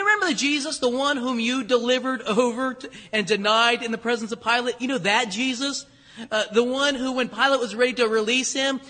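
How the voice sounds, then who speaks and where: Guy preaching, high voice, kinda husky, chatty storytelling, big echoey church. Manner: animated storytelling, conversational asides. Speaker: pastor. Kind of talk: sermon. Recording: echoey hall with long reverb.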